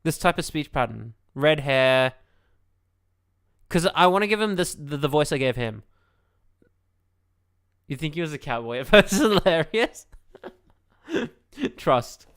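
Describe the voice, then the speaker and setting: A man's voice: on the high side, fairly bright tone, smooth. A man streaming a game playthrough, talking casually, swearing often and rambling between lines of dialogue.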